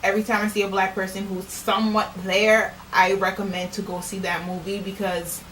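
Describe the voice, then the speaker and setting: A woman's voice: mid-range voice, little pitch movement, fairly quick, a bit bright. Earnest woman, echoey distant mic. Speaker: author and vlogger. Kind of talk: casual on-camera commentary. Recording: echoey room, distant mic, faint noise.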